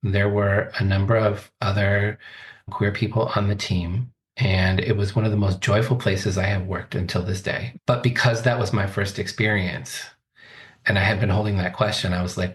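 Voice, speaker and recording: A man's voice: fairly low pitch, steady tone, normal speed. A man in his forties, a coach, telling his life story as a podcast guest in a thoughtful, earnest way. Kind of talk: reflective interview talk.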